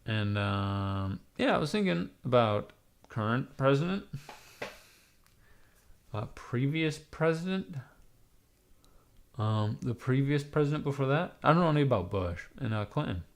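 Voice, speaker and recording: Raspy, hoarse young man rambling on stream. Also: medium pitch, expressive, measured pace, long pauses. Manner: rambling and irreverent, trailing off with fillers. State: hoarse from being sick. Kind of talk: casual live-stream rambling. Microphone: webcam mic.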